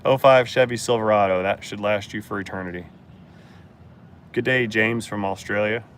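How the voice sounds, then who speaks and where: A man's voice: lowish voice, steady tone, moderate pace, fairly bright tone, slight background noise. A man hosting a casual live-stream Q&A as a mechanic, blunt and joking as he answers chat.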